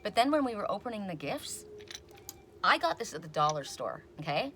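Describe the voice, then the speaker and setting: A middle-aged woman reading oracle cards in a casual, rambling chat, telling stories and quoting people in animated voices. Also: medium pitch, a little fast, slight background noise. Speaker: oracle card reader. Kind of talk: casual chatty video reading.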